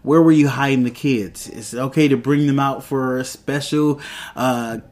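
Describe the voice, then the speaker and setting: A man's voice: mid-range voice, steady tone, darkish tone. Casual man rambling through a show recap. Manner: rambling, retells scenes with quick quoted voices. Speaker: TV show reviewer.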